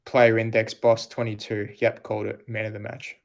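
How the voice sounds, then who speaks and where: A man's voice: fairly low pitch, level tone, normal speed, gravelly. A man co-hosting a casual live football chat, matter-of-fact and teasing, explaining old fantasy rules. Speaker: podcast co-host.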